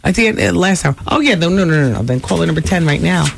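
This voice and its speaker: A woman hosting a talk radio show, chatting through celebrity gossip in a lively way with asides to listeners. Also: on the low side, fast, vocal fry, a little hiss or hum. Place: radio studio.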